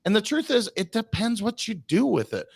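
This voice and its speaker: A man speaking as a podcast guest, reflective as he works through his ideas out loud. His pitch swings animatedly up and down, with a gravelly fry in it. The sound is close and dry. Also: very animated, normal speed, no room sound. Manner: reflective, talks through his own thinking. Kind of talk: podcast conversation.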